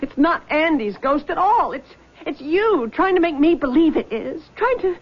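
Cast: a distraught young woman in an old radio play, high and tense; dull lo-fi sound. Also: very animated, normal speed. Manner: tense, accusing, breaking into sobs. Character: distraught young woman haunted by her lost love. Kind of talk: 1970s radio drama acting.

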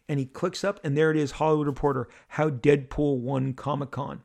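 A man hosting a podcast, telling a story in an animated monologue and acting out the people in it. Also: a little high, moderate pace, gravelly. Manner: excitable, acts out the crowd and others in bursts.

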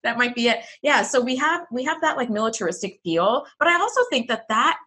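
Young woman podcast co-host, bright lively voice, animated casual chatter. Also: a little high, brisk. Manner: animated, exclaims, frequent "like". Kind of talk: casual chat.

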